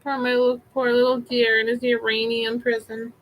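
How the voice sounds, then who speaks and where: A woman's voice: fairly high pitch, flat delivery, normal speed, a little hiss or hum, rough recording. A woman chatting casually through a live thrift haul, rambling with many fillers. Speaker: vintage seller vlogger.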